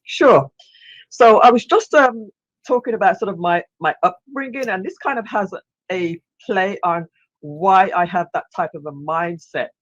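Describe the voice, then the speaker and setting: A woman's voice: mid-range voice, moderate pace, no echo, muffled recording. A woman from England, a guest on a casual video-call interview, talking chattily with easy laughs and restarts.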